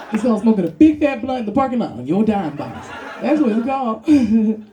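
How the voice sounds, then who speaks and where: A woman's voice: on the high side, big pitch swings, normal speed, warm tone. A woman from Brooklyn doing a stand-up comedy set on a club stage, brash and profane, laughing through her punchlines. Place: comedy club with live audience.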